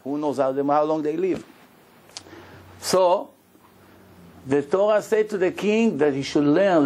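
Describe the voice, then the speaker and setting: Man, rabbi, Torah lecture, fairly high pitch, acts out dialogue. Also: measured pace. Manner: animated storytelling, acts out dialogue, rhetorical questions.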